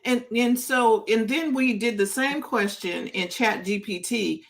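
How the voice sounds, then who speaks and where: A woman's voice: a little high, a little slow. A woman co-hosting a casual business chat, reading out viewer comments and chatting with some hesitation. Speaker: co-host. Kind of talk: casual live-stream chat.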